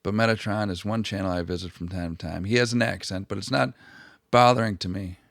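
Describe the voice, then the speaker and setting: A man's voice: on the low side, steady tone, a little fast, gravelly, a bit bright, dry recording, studio quality. A man hosting a history channel, rambling through profane, mocking comedic commentary full of asides and restarts.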